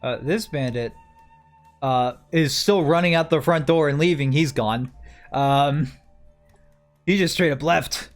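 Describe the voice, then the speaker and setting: A man's voice: fairly high pitch, a little slow, long pauses, faint music behind. A man running a tabletop game as game master, casual, laughing often and swearing offhandedly as he narrates.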